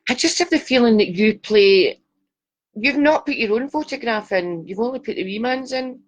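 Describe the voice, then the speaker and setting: A woman's voice: fairly high pitch, lively intonation, normal speed, lo-fi sound. Chatty woman psychic. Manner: chatty and affectionate, calls viewers darling. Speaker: psychic giving readings. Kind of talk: live-stream chat reading viewers' photos.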